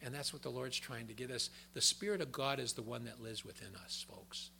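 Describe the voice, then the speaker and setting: An older man preaching a sermon in a folksy, conversational way, telling personal stories, with a gravelly voice. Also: medium pitch, brisk, bright, forceful tone, a little hiss or hum.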